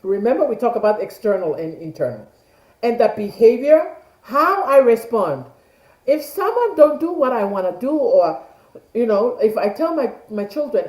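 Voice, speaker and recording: A middle-aged woman from Tonga, the class leader, runs an online lesson from a home room on a video call mic, answering her own rhetorical questions. Her voice is on the high side, expressive and a little mellow, at a moderate pace, in an echoey room with rough recording quality.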